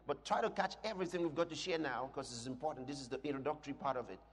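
A man preaching a sermon to a congregation, speaking emphatically and breaking into shouted declarations. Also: medium pitch, rapid-fire. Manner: asks the congregation questions. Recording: long reverb in a large hall.

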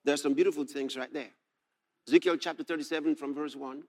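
A man preaching a sermon, reading scripture aloud and explaining it, moving from quiet musing to loud shouted proclamation and laughing now and then. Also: fairly high pitch, fairly even intonation, fast talker.

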